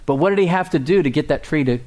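A male pastor preaching a sermon, asking the congregation questions, rising high for quoted cries and dropping low and soft for quiet moments. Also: fast.

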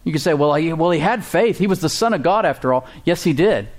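A man's voice: animated, quick pace. Emphatic preacher man. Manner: emphatic, rises high for quoted cries and drops low and soft for stillness; asks the congregation questions. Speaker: pastor. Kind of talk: sermon.

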